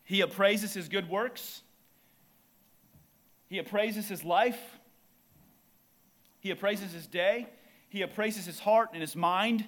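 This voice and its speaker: A man preaching a sermon in church, impassioned and building to near shouts. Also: high voice.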